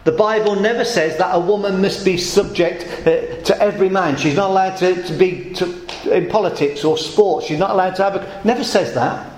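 Preacher guy, higher voice, telling a funny wedding story mid sermon, echoey church room with faint hiss. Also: normal speed, darkish tone. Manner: storytelling with jokes, rising emphasis. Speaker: pastor.

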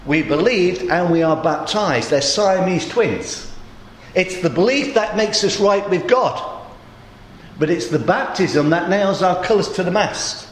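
A man preaching a sermon in a conversational storytelling way, his voice a little groggy and hoarse. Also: high voice, expressive, unhurried, reverberant, a little hiss or hum.

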